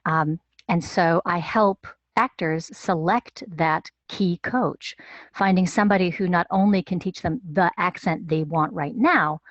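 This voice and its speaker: Measured woman dialect coach explaining. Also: fairly low pitch, dry recording, muffled recording. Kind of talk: webinar interview answers.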